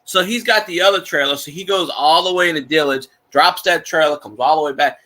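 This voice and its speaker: On his casual livestream, a Cajun-accented host from Louisiana spins rambling stories, restarting often and swearing now and then. His voice is a little high, brisk, pushed and bright, captured in a rough recording.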